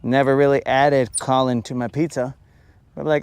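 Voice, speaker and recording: A man's voice: medium pitch, little pitch movement, normal speed, darkish tone, clear, resonant tone, dry recording. A young man casually talking to viewers while fishing, joking around in playful, slangy banter. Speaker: fishing vlogger.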